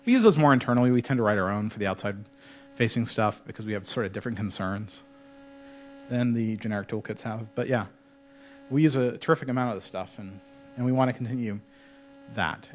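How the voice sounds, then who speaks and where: At a conference, a man talks to a room of students in a lecture hall, fast and at ease. His pitch sits in the middle as he spins joking anecdotes, now and then putting on playful mock French voices.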